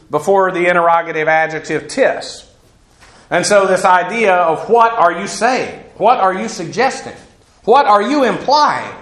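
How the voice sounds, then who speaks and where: A man's voice: sits high, a bit bright, reverberant. A man teaching through a Bible passage verse by verse, folksy and digressive, with asides and chuckles.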